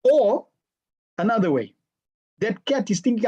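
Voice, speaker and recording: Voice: mid-range voice, lively intonation, measured pace, darkish tone, slightly rough, muffled recording. A teacher running an interactive online class over a video call, asking the students questions and repeating their answers back.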